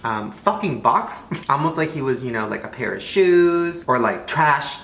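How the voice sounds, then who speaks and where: Excitable, joking man with gravelly fry. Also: medium pitch, a little slow. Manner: excitable and jokey, swears a lot. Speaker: vlogger. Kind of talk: casual chat. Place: at home indoors. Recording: echoey room, faint background noise.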